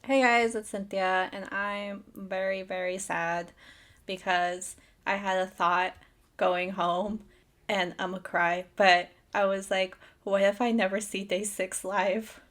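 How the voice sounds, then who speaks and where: A woman co-hosting a podcast, chatting casually in a dramatic, drawn-out way. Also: mid-range voice, little pitch movement, a bit bright. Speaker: podcast co-host. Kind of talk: casual chat.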